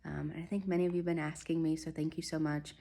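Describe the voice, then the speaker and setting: A young adult woman speaking softly and haltingly, telling viewers a personal story with many pauses and fillers. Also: deep voice, little pitch movement, creaky. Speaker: spiritual vlogger.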